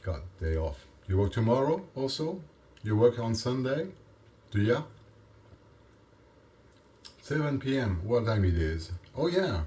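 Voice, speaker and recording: A man from Europe chatting casually, halting and repeating his words in non-native phrasing, with faint rain behind him. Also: medium pitch, big pitch swings, warm tone. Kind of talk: casual one-sided chat.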